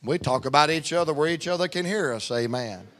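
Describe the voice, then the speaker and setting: A man's voice: on the high side, lively intonation, fairly quick, fairly bright tone. A middle-aged man, a visiting preacher telling folksy jokes before his sermon. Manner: folksy joking storyteller. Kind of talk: humorous sermon opening.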